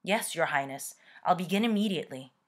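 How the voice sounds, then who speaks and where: A woman's voice: on the low side, animated, brisk. A woman voicing a loyal, proud tailor in a storybook read-aloud, answering eagerly and respectfully.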